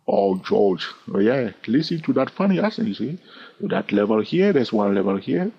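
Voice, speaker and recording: A man's voice: mid-range voice, sing-song, normal speed, vocal fry, husky. Chatty accented man teaching charts. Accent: non-native English. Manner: chatty, teasing, checks in with "all right?". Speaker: trading educator. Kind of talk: screen-recorded chart lesson. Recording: dull lo-fi sound.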